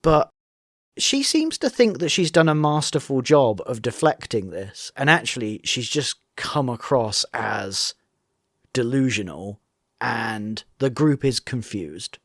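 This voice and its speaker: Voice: medium pitch, lively intonation, slow pace, fairly bright tone, dry recording, clean studio sound. A co-host of a reaction podcast about a reality show, chatting casually with wry, opinionated remarks. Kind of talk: casual chat.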